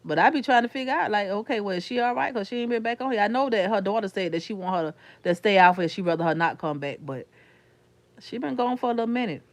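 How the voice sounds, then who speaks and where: A chatty woman with a Florida accent talks loosely to her live chat, calling viewers honey and sugar. Her voice sits at a middle pitch and sounds close and dry, with no room around it. She rambles casually from one thought to the next. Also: expressive, fast, no room sound.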